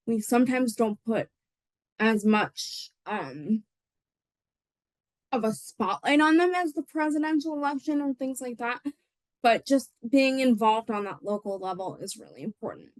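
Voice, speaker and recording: A woman's voice: a little high, a little slow, dry recording, poor audio. A woman giving a casual webinar presentation, rambling with lots of fillers and restarts. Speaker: presenter on voting rights.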